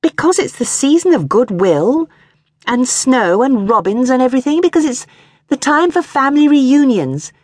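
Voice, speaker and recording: A woman voicing a gentle, wistful young wife and mother who pleads earnestly in an audiobook reading. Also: sits high, lively intonation, moderate pace, no room sound, studio quality, pitched above the performer's own voice. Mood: pleading.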